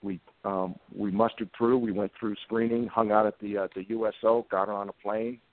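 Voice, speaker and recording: A man's voice: on the low side, level tone, brisk, no room sound. A man in his fifties, a police officer guest, telling anecdotes in an earnest, plain-spoken way. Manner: earnest, plain-spoken, emotional when recalling events. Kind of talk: anecdotal storytelling in conversation. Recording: tinny phone-like line, dry sound.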